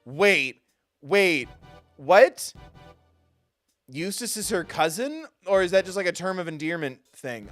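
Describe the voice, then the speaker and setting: A man streaming a game live, cracking jokey, excitable asides between reading lines. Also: high voice, takes it slowly, pauses often, soft background music. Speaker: gaming streamer.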